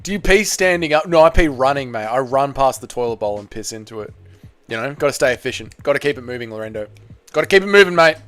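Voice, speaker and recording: A man with a medium-pitched, animated voice talks fast over soft background music while hosting a casual fight watchalong stream. He reads chat messages aloud and swears freely, staying loose and profane and bursting into shouts at big moments in this live-stream commentary.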